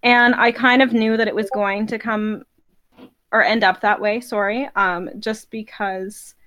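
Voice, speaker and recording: A woman's voice: medium pitch, fairly even intonation, a little slow, fairly bright tone, no echo. Giggly Canadian woman, dry close sound. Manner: giggly, self-deprecating, chatty. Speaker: podcast guest, co-host of her own show. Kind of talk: casual interview chat.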